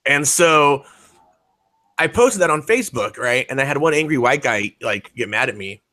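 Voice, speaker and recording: A man's voice: mid-range voice, expressive, moderate pace, pushed and bright, no echo. A man in his forties talking in a rambling, profane way, full of fillers and restarts. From United States. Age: 40s. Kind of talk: casual chat.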